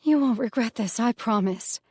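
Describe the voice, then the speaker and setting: A woman voicing a brash, shameless young female nymph in an audiobook, pleading in quick, self-reproaching outbursts. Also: on the high side, darkish tone, husky, no echo, clean studio sound, voice pushed up. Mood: grateful. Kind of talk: audiobook character voice.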